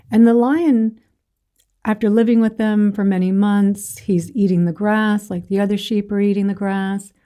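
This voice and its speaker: A woman giving a spiritual talk as a meditation teacher, telling a parable in a gentle, meandering way with fillers. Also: medium pitch. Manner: gentle storytelling with fillers and restarts.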